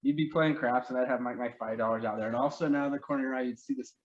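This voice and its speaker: A man's voice: medium pitch, steady tone, rapid-fire, noisy background. A man casually telling fond, funny stories about a friend, rambling and laughing as he goes, on a dull lo-fi recording. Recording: dull lo-fi mic.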